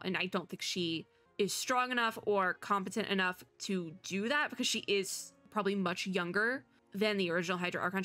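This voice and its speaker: A young woman streamer rambling excitedly as she comments on a game she is playing. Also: medium pitch. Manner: chatty, excitable, rambling, laughs often. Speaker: VTuber streamer.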